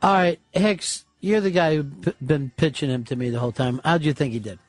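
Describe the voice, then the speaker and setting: A man's voice: on the high side, brisk, no room sound, faint music behind. A man hosting a radio talk show from a studio, who asks dry, pointed questions and takes calls.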